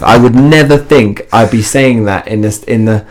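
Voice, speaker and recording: A man who hosts a fitness TV show, chatting as a podcast guest and telling lively stories with frequent laughs. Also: fairly low pitch, moderate pace. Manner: animated storytelling, laughs often, restarts sentences. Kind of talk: casual interview chat.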